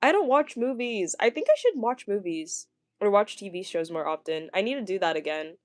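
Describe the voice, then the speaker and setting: A woman's voice: medium pitch, animated, normal speed, a little mellow, dry recording, studio quality. A woman vlogger in casual livestream chat, stuttering and stumbling over words with many fillers, gushing as she answers viewers. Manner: chatty, gushing. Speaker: vlogger reading viewer comments.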